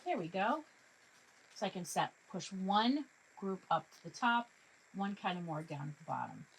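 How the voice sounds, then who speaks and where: A chatty woman talks herself through a live craft demonstration, pitched in a mid, ordinary range. She jokes with her materials as she works. A faint hum sits behind her voice. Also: sing-song, moderate pace, vocal fry, poor audio. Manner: jokey self-talk to her materials. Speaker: craft tutorial host.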